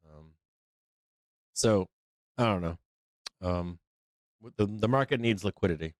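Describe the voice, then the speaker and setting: On his live trading stream, a man with a lowish voice talks a little slowly and pauses often, with no room sound in the recording. He rambles casually and profanely, leaning on fillers and mimicking other traders with mocking quotes.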